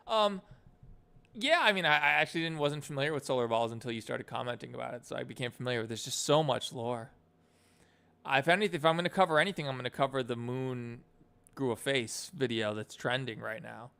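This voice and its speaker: Young male streamer, gravelly but smooth, rambling chat. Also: medium pitch, a little fast, fairly bright tone. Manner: rambling, filler-heavy. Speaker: animator streamer. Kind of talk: casual live-stream chat.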